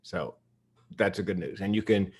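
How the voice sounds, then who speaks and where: An older man delivers a humorous keynote speech, candidly telling stories with self-deprecating humor. His deep voice has a breathy edge and moves at a moderate pace.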